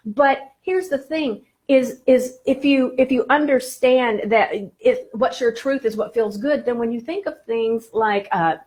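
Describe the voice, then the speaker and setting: A woman teaching about the law of attraction on a live stream, encouraging and warm in her phrasing, greeting viewers by name between points. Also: on the high side, a little slow, hardly any pauses.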